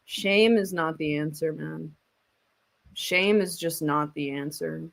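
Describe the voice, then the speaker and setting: A woman hosting casual reaction commentary, talking bluntly in a rambling way and swearing freely as she pauses a clip to weigh in. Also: low-pitched, creaky. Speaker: commentary host.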